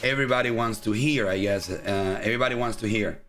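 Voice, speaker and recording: Music plays behind this host, a man whose voice sits on the low side and moves fast. He's a native Spanish speaker with a Spanish accent, running a laid-back livestream interview in a rambling style packed with fillers.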